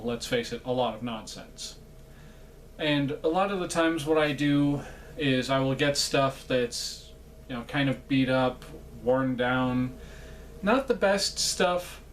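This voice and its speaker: A man talking straight to camera in a loose, rambling vlog, full of fillers and self-mocking asides. His pitch sits in a plain middle range. Faint noise hums under the recording. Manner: rambling, chatty, self-deprecating, many fillers. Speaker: vlogger.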